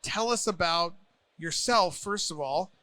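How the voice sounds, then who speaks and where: A high-pitched, sharp-toned man from the US hosts a podcast, interviewing people at a crowded conference. His delivery is chatty and playful in fast bursts, and the recording has no room sound.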